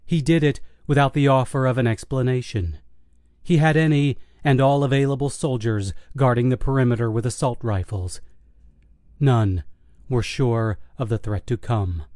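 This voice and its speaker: Brief: male audiobook narrator, dark mellow tone, dry close recording, steady delivery. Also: mid-range voice, no echo. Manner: steady, measured storytelling. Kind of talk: scripted horror audiobook narration.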